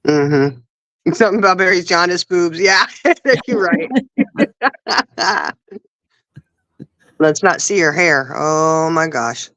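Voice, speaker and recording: A woman's voice: low voice, slow pace, long pauses, fairly bright tone, dry recording, poor audio. A woman co-hosting a casual livestream chat, telling stories and laughing often. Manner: giggly storyteller, laughs often. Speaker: livestream co-host.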